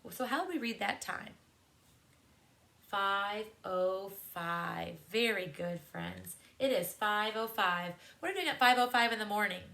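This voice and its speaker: A woman's voice: mid-range voice, expressive, fairly quick, creaky, hardly any pauses, pushed and bright. A woman teaching young children to read clocks, with encouraging, sing-song questions. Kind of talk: classroom lesson to young students.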